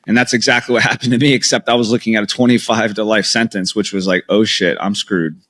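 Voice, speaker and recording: A man in his thirties with a lowish voice tells his story as an interview guest. He speaks candidly and with feeling, acting out the lines of the people in his past. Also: level tone, quick pace, a bit bright. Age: 30s. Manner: candid, emotional retelling with quoted dialogue. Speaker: podcast guest, entrepreneur.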